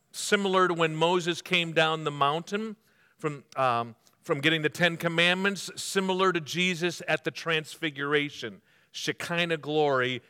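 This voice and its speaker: Man, pastor, sermon, interactive teaching style, smooth resonant voice, long hall reverb. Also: a little high, bright, forceful tone. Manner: interactive, asks the congregation to mark their notes; poses quiz questions and answers them himself.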